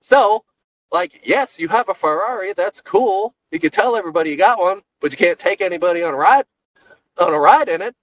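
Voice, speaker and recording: A man with a fairly high voice talks in an animated, jokey rant, firing rhetorical questions. He records it in his car on the way to work. The sound is slightly dull and muffled. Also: fairly quick, no room sound. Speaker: podcast co-host. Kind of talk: solo rant recorded while driving.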